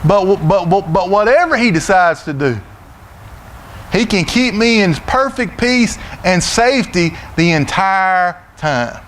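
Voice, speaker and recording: Folksy, high-voiced Southern preacher man. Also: lively intonation, measured pace, a little hiss or hum. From Florida, USA. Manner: folksy, repeats words, loud and blustery. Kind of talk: sermon. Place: church sanctuary.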